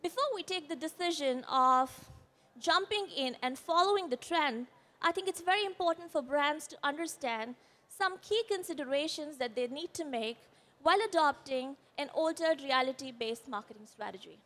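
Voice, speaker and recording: High-voiced woman giving a shaken talk. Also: lively intonation, moderate pace, a bit bright. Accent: Indian English. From India. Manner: earnest, explanatory, with brief apologies. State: voice quivering, shaken. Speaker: conference speaker. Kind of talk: presentation talk. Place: conference stage.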